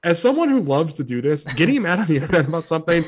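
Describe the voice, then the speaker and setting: A man's voice: fairly high pitch, very animated, breathy edge, no room sound, studio quality. A man co-hosting a podcast, joking sarcastically in casual chat. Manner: sarcastic, fast-talking, joking. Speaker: podcast co-host.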